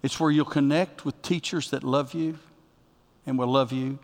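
A man preaching a sermon as pastor, with emphatic delivery that swings from loud bursts to quiet asides. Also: medium pitch, steady tone, normal speed. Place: church sanctuary. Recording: long reverb of a church hall.

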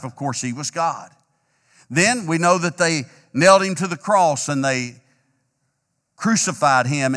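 A man preaching an emphatic, repetitive sermon as pastor, a little hoarse. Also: on the high side, fairly bright tone, long reverb tail. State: slightly hoarse, clearing throat.

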